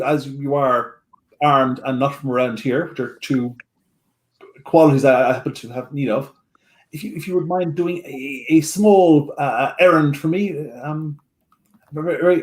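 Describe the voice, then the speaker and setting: A man's voice: on the high side, a little mellow, echoey room, natural voice. A man doing a stammering nervous young lord. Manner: stammering, apologetic.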